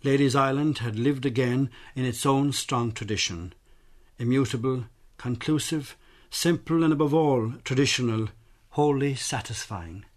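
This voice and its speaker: A man presenting a documentary, reading scripted narration in a measured, solemn, literary way. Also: mid-range voice.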